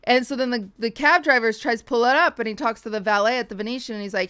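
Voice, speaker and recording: A young woman streaming to her chat, telling a long story in a lively, casual way and slipping into the voices of the people in it. Her voice sits a little high and comes through clean and smooth. The sound is dry and close, with no room around it. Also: fast, hardly any pauses, no echo. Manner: animated, acts out quoted voices, swears casually.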